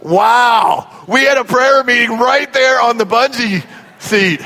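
A man with a high voice preaches a sermon, lively and full of storytelling. His words echo with a long reverb that fills a large church hall. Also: creaky. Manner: animated storytelling, acting out voices.

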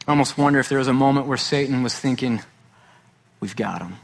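A man's voice: mid-range voice, level tone, racing. A male pastor preaching a sermon, emphatic and repeating key phrases for weight.

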